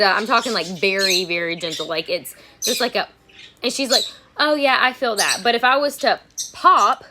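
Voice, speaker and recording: A woman's voice: mid-range voice, sharp tone, a little hiss or hum. A woman dog trainer chatting frankly on a home livestream while getting ready, often repeating herself. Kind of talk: casual livestream chat. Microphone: phone or camera at arm's length.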